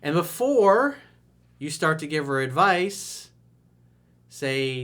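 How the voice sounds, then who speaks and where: A man who works as a dating coach, talking casually and with emphasis in a coaching video, his voice often jumping up in pitch and loudness. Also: sing-song, slow, pauses often.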